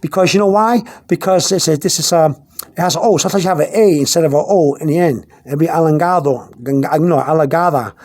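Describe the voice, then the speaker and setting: A man teaching vocabulary in an unscripted video lesson, halting, repeating himself and filling pauses, slowing down to spell out words. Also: fairly high pitch, darkish tone. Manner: searches aloud through his notes. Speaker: language teacher.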